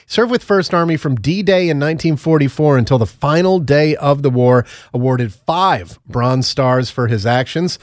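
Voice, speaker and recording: A man's voice: mid-range voice, a little mellow, dry recording, studio quality. A man co-hosting a podcast, chatting casually and telling rambling, joking anecdotes. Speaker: podcast co-host. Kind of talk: casual chat.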